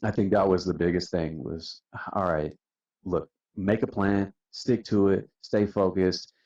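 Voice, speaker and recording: A man's voice: deep voice, fairly even intonation, measured pace, a little mellow. A man being interviewed on a podcast as a company founder, telling stories in a laid-back, casual way and saying "man" and "dude" a lot. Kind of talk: casual storytelling. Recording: distant, dull-sounding mic.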